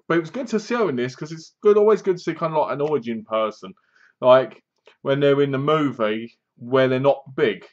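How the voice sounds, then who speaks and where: A man's voice: mid-range voice, muffled recording. A man giving a casual, rambling spoken review of a horror film, often restarting his sentences. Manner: rambling, loose, many restarts. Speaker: movie reviewer.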